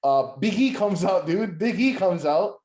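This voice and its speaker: A man's voice: high voice, expressive, unhurried, a little mellow. A man co-hosting a casual wrestling podcast, rambling with lots of "like" and restarts, acting out quotes and swearing. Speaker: podcast co-host. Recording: echoey room.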